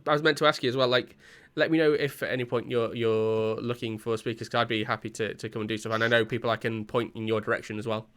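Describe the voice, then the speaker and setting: A man chats loosely on a podcast, hesitating and filling his gaps with "um" and "like." His pitch sits in an ordinary middle range, and he never settles into a prepared script. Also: level tone, quick pace, fairly bright tone, smooth. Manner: rambling, hesitant, many fillers. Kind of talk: casual podcast chat.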